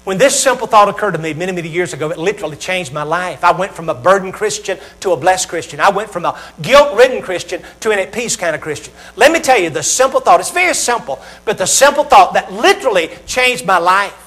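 High-voiced, emphatic middle-aged preacher. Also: male voice, animated, quick pace, hardly any pauses, a bit bright, rough recording. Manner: emphatic, repetitive preaching that swells in volume; talks straight to the congregation. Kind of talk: sermon.

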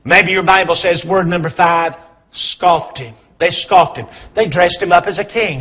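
A man preaching a sermon, swinging between hushed, low lines and loud, emphatic questions. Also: unhurried, breathy edge.

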